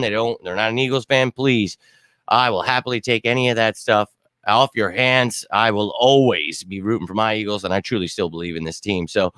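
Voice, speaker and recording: A man hosting a sports fan show, ranting bluntly and swearing after a loss, his throat hoarse from screaming. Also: medium pitch, fairly bright tone, dry recording, clean studio sound. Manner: fired-up, blunt, swears, repeats himself. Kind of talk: casual postgame fan rant.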